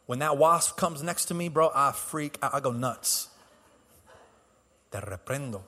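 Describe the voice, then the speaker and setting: A man preaching a sermon as pastor to his church, impassioned, swinging between soft and loud and repeating words. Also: on the high side, normal speed, long reverb tail. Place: church sanctuary.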